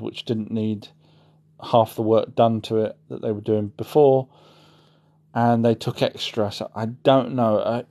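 Hosting a laid-back livestream, a man replies to chat with rambling answers, frequent self-corrections, and apologetic side remarks. His voice is lowish and dark in tone.

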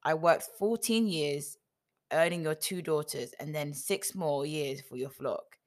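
A woman's voice: low-pitched, measured pace. A woman reading the lines of an aggrieved male herdsman who defiantly lists his years of hard work.

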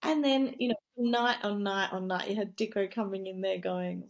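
A woman co-hosts a relaxed podcast chat. She gossips animatedly, piling up opinions and breaking into easy laughter. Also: mid-range voice, moderate pace, hardly any pauses. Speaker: podcast co-host. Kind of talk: casual chat.

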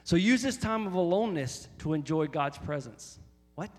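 A man preaching a sermon as pastor, emphatic and repetitive, often rising to loud, high exhortation. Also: expressive, moderate pace, long reverb tail.

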